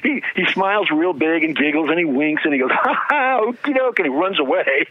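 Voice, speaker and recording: A man's voice: on the high side, a little fast, dry recording. Author guest, male, phone-line sound, acts out quotes while storytelling. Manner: animated storyteller acting out quotes. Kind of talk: casual interview chat.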